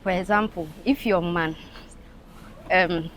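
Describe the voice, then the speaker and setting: As a panelist on a casual talk show, a woman with a Ghanaian English accent speaks frankly and emphatically, mixing in local phrases. Her voice is on the low side and her pace slow, with slight background noise.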